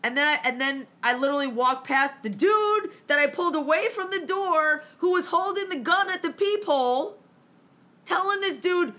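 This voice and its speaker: A woman's voice: high voice, moderate pace. A woman telling a story in casual chat, swearing freely and acting out both sides of the conversations. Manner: profane, animated, acts out dialogue.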